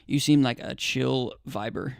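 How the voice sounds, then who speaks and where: Laid-back young American man, gravelly. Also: mid-range voice, fairly even intonation, unhurried, no echo, clean studio sound. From United States. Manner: laid-back, rambling, many fillers and restarts. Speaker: livestreamer. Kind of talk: casual live-stream chat with viewers.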